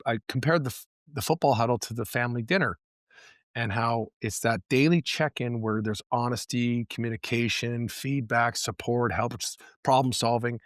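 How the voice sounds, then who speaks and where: Middle-aged man, football coach, earnest and emphatic, mid pitch, dry close recording. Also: no room sound. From Canada. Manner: earnest, emphatic, repeats words while thinking. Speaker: guest, high school football coach. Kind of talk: podcast interview, casual storytelling.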